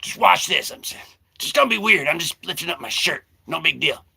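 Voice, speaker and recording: A man hosting a casual comic-book vlog, rambling and joking with sudden shouted bursts. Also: fairly high pitch, lively intonation, brisk, creaky, husky.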